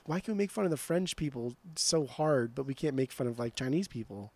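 A young man talks in a casual chat with a mellow, warm tone and a dry, close sound. He is blunt and swears freely, often stumbling over repeated words as he starts a sentence. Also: mid-range voice, animated, fairly quick, no echo. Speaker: podcast co-host.

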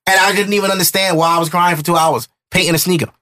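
A man in his thirties hosting a podcast, telling a personal story in an emotional, animated way. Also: sits high, racing. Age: 30s. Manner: emotional, animated retelling with acted-out quotes. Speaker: podcast host. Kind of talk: casual storytelling chat.

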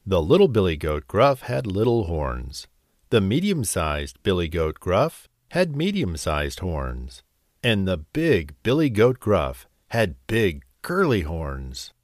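A man narrating a bedtime story in a slow, expressive, gentle way. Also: low voice, no echo, studio quality.

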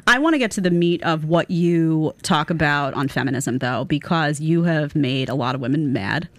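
A woman's voice: deep voice, animated, normal speed, dry recording. A woman hosting a podcast interview in a conversational way, often laughing. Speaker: podcast host.

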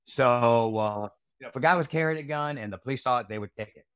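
A man's voice: mid-range voice, quick pace, a bit bright, clean tone, no room sound, studio quality. A man recounting a night from his Army days as an interview guest, blunt, profane and heated. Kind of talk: casual storytelling interview.

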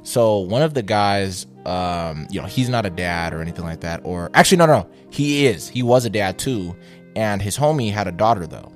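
A young man co-hosting a casual podcast, telling a story in slangy, animated talk and acting out quotes. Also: fairly low pitch, normal speed, soft background music. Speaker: podcast co-host.

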